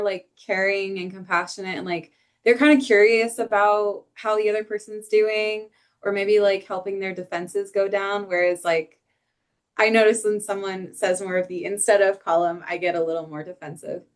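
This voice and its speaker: A woman's voice: medium pitch, fairly even intonation, moderate pace. A woman in a workshop who answers thoughtfully, hedging often with "like". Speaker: workshop participant. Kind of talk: casual group discussion.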